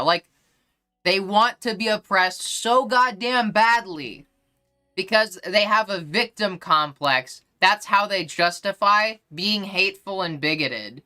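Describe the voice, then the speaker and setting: A woman's voice: mid-range voice, expressive, measured pace, sharp tone. A woman livestreamer chatting casually with her viewers, blunt and profane, with many fillers, and joking about herself when she tries accents. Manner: self-deprecating when trying accents. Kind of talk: casual live-stream chat.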